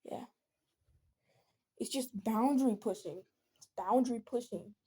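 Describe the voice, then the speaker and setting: A teenage girl talks through a casual venting video in an earnest, rambling way. Her voice is mellow and warm, never bright. She often slips into soft pleading. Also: a little high, unhurried, slightly rough. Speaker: vlogger.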